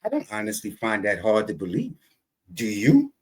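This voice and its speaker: A male host giving sarcastic, skeptical commentary in a teasing, drawn-out way. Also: lowish voice, wildly swooping pitch.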